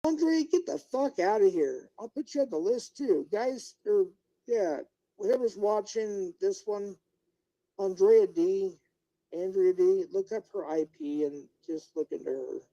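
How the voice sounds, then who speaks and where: Middle-aged guy ranting on his stream, worked up, mellow dark voice, talking right at chat. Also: high voice, unhurried, muffled recording. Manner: agitated, indignant, talks straight to viewers and chat. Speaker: YouTuber live-streaming to chat. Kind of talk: unscripted livestream rant.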